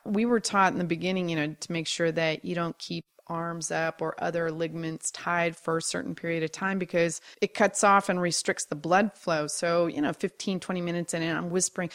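A woman's voice: lowish voice, fairly even intonation, fairly quick, hardly any pauses, fairly bright tone. A woman co-hosting a podcast in casual, bubbly chat, teasing and laughing often. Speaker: podcast co-host.

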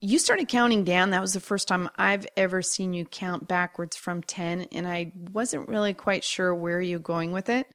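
A woman's voice: lowish voice, moderate pace, hardly any pauses, a bit bright. A woman co-hosting a podcast in casual, bubbly chat, teasing and laughing often. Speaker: podcast co-host.

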